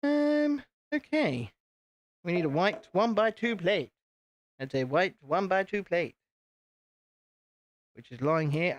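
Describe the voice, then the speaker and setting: A man's voice: sits high, expressive, slow pace, long pauses, no room sound. A British man hosting a casual live stream, chatting to viewers while he builds and poking fun at himself. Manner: chatty, self-deprecating, talks to viewers.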